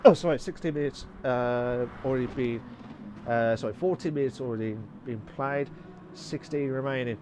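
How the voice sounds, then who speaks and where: A man commenting live on a sim race, excitable and repeating phrases, breaking into shouts. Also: medium pitch, moderate pace, noisy background.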